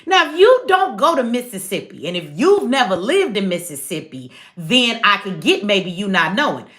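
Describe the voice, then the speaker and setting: A woman's voice: medium pitch, sing-song, normal speed, fairly bright tone. A woman hosting a casual livestream, blunt, sarcastic and profane, talking straight to her chat. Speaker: livestream host.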